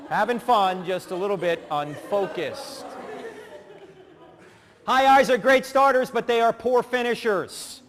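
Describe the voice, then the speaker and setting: A middle-aged man giving a humorous teaching talk, telling animated stories, acting out voices and laughing as he goes. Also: high voice, moderate pace, crowd noise. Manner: animated storyteller who acts out voices and laughs. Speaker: speaker. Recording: long hall reverb.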